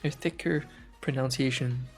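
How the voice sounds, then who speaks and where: Man, relaxed stream chatter, hunts for words, lots of "uh" and restarts, mid-pitched, faint music behind. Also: moderate pace. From French-speaking Canada. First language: French. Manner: rambling, searches for words, frequent fillers and restarts. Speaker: art streamer. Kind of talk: casual chat while drawing on stream.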